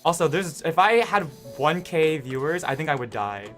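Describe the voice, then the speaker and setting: A man's voice: on the high side, very animated, moderate pace, fairly bright tone, faint music behind. A young man chatting with his live-stream viewers in a casual, rambling way, full of fillers and restarts.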